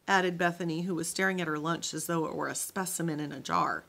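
Teacher reading a kids' chapter book aloud, a woman with animated, expressive delivery. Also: deep voice, fairly quick, vocal fry, few pauses.

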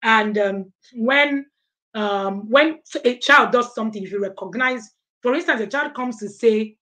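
A woman's voice: medium pitch, fairly bright tone. Emphatic woman coaching parents. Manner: emphatic, repeats points, checks in with "okay?". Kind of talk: live online parenting class with Q&A.

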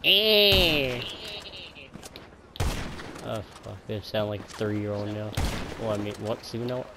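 A man's voice: on the low side, little pitch movement, a little fast, vocal fry, very noisy. A man swearing constantly, raging and laughing at himself while chatting through a shooter game. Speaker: gamer streaming his match. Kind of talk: casual gaming voice chat. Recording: loud in-game gunfire behind voice.

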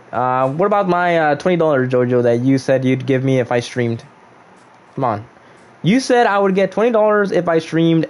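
Lively young man streaming a game. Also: a little high. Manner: reads viewer chat aloud and jokes back. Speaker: livestreamer. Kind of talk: casual gaming livestream chat.

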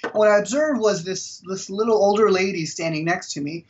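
A middle-aged man from India, a guest author telling stories in an interview with lively energy. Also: high voice, a little fast, distant mic, muffled recording. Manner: energetic, animated storyteller. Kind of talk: storytelling in an interview.

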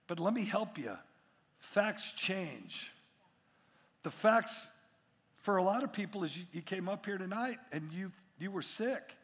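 High-voiced, gravelly pastor in a big hall. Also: male voice. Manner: animated storyteller who acts out voices in his anecdotes. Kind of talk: sermon. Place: large church hall.

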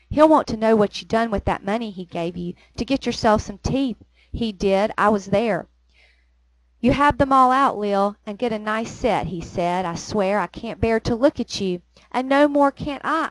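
A woman's voice: on the high side, lively intonation, moderate pace, no room sound, natural voice, rough recording. A woman voicing a gossiping Cockney woman in a pub, chattily retelling a quarrel with "I said" and "she said.". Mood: gossipy.

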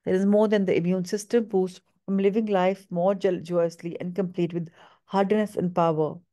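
A woman reading a book aloud in a measured, steady way, with small stumbles. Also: on the low side.

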